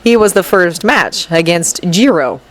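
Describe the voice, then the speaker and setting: A woman's voice: fairly low pitch, lively intonation, a little slow. A woman narrating a fanfiction audiobook. Her intonation moves a lot as she tells the story expressively.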